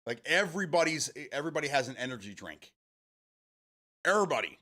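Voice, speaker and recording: A man's voice: on the high side, big pitch swings, quick pace, pushed and bright. A man hosting a live stream, chatting casually with viewers, rambling and swearing freely as he answers chat.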